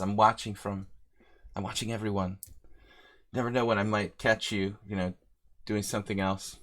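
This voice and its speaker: A man's voice: lowish voice, fairly bright tone. Rambling, chatty male chess streamer. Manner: rambling, chatty, reads out viewer names. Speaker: chess streamer hosting a simul. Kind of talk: casual live-stream chat.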